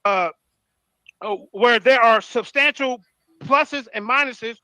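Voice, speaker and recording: A man arguing in a live online debate, combative and rapid, often reading from notes. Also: very high voice, sharp tone, clean tone, no echo, rough recording.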